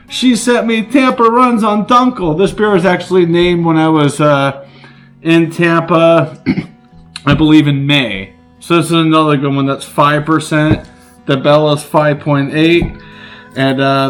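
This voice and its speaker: A middle-aged man filming a casual unboxing vlog, exclaiming with excitement as he opens a gift box. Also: on the high side. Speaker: vlogger.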